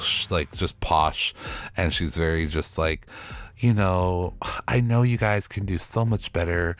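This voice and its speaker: A man's voice: low-pitched, a bit bright. A man hosting a podcast recap, ranting in a profane, sassy and exasperated way. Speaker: podcast host recapping a TV show. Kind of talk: casual solo recap rant.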